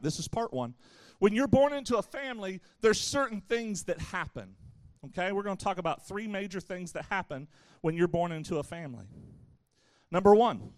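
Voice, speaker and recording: A man with a notably high voice preaches to a youth audience in an easy, conversational way. He throws playful asides at the listeners between points, and his voice sounds dry and close to the mic. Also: dry recording. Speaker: youth pastor. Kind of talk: sermon.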